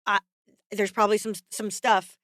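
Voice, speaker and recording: A woman co-hosts a casual podcast chat, rambling with plenty of fillers and laughing through tears as she teeters on the edge of crying. Her mid-range voice is fairly bright and level at a moderate pace, recorded dry with clean studio sound.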